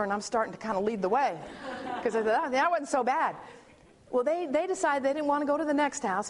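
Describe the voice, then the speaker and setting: A woman with a high voice tells a personal testimony. She tells it with animation, acts out the voices of the people in the story, and often stops and restarts her sentences. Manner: animated storytelling with acted-out quotes and frequent restarts. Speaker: churchgoer sharing a personal testimony.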